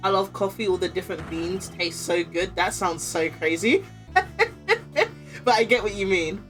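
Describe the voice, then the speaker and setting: A woman's voice: fairly low pitch, normal speed, faint music behind. A woman streamer making casual, chatty, giggly asides between game lines.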